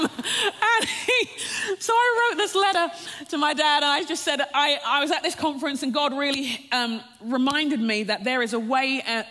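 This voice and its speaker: Woman preacher, higher register, testimony storytelling with a laugh in it, long hall reverb. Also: a bit bright. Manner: storytelling, often breaks into a laugh, calls the listeners "friends". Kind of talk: personal testimony sermon.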